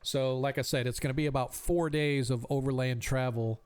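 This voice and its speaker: Man as tabletop game master, smooth tone, explains rules and fills pauses with ums. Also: medium pitch, steady tone. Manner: thinking aloud, many ums.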